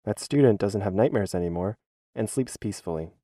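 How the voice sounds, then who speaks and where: A man voicing a schoolteacher's church testimony as a dubbed voice-over, in an earnest, measured reading. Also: fairly low pitch, animated, dark tone, slight background noise.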